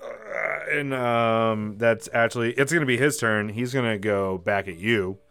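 A man's voice: fairly low pitch, fairly even intonation, normal speed, a bit bright, smooth. A man running a live tabletop game as game master, narrating casually with many fillers and restarts.

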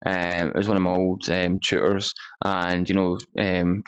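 A man's voice: low voice, monotone, a little slow, smooth, muffled recording. A man in casual podcast chat as a guest developer, hesitant with many fillers and frequent laughter.

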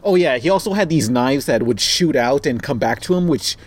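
A man's voice: mid-range voice, expressive, brisk. A young man casually reviewing a movie with a friend, rambling, laughing often and swearing freely. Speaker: podcast co-host.

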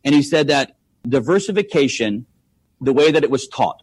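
A man's voice: medium pitch, expressive, normal speed, breathy edge. A man talking money on a podcast, emphatic, full of rhetorical questions. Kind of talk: casual podcast chat.

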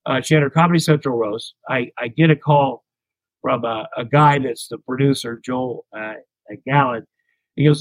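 A man's voice: medium pitch, moderate pace, no echo, poor audio. A middle-aged man from the United States, a comedian telling candid stories as an interview guest, rambling and self-deprecating. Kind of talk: candid anecdotal storytelling.

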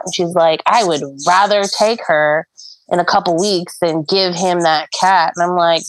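A woman's voice: lowish voice, steady tone, normal speed, no room sound, rough recording. A woman co-hosting a podcast, venting frankly and bluntly in casual chat. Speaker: podcast co-host.

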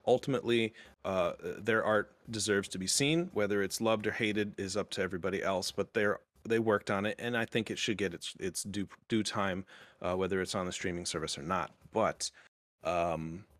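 A man hosting a casual podcast chat, talking in a halting way with many fillers and restarts. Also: low voice, fairly even intonation, fairly bright tone, dry recording. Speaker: podcast host.

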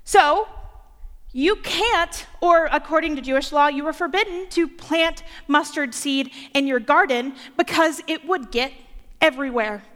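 High-voiced young woman preaching in a reverberant hall. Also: a little slow, fairly bright tone. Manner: playful, joking asides. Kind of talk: sermon.

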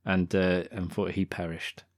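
A man co-hosting a podcast, retelling a film with sarcasm and plenty of swearing. His voice sits on the low side. The sound is dry and close. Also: little pitch movement, a little slow, no echo. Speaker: podcast co-host. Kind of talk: casual film-recap chat.

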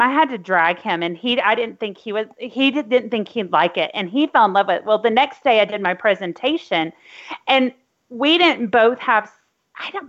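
Podcast co-host, woman, emotional storyteller, higher voice, muffled lo-fi audio. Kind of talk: casual podcast chat.

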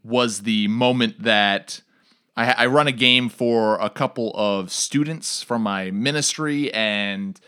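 A man in casual podcast chat, recounting a story with animated, quoted voices. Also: fairly low pitch, slow pace, clear, resonant tone. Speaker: game master and ministry worker.

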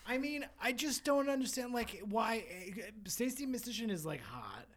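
A woman's voice: fairly high pitch, expressive, normal speed. A woman co-hosting a podcast in casual chat, blunt and swearing as she picks apart a show. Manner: blunt, swears a lot, mocks characters in put-on voices. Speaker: podcast co-host.

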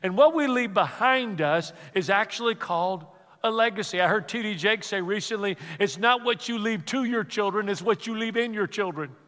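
A high, bright male pastor preaches in a church hall, and the reverb lingers after his words. He tells his story with repeated words and sinks to a near hush when he quotes someone's grief. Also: moderate pace. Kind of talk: sermon.

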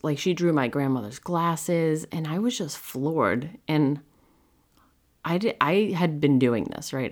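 A middle-aged woman from the US talks through personal stories as a podcast host, chatty and animated with plenty of fillers. Her voice sits unusually low. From United States. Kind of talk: casual monologue.

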